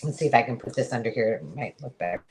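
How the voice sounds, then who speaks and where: A woman's voice: extremely low pitch, animated, rapid-fire, a little mellow, slightly rough. A middle-aged woman hosting a live craft supply sale, chattily describing each item as she handles it. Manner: chatty, describing items while handling them. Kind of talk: live selling chat.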